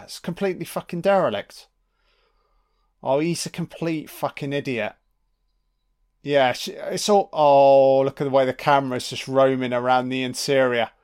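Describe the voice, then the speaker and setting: A man giving casual, sweary commentary on a film, talking back to the characters on screen. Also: mid-range voice. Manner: sweary, mocking asides to the screen.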